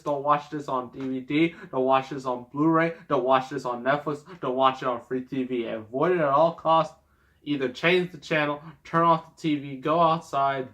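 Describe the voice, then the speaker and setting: Man, middle-pitched, slow delivery; exasperated rambling movie-review ranter who laughs through his complaints. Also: fairly bright tone. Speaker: movie reviewer, host of the show. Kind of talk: casual movie review rant.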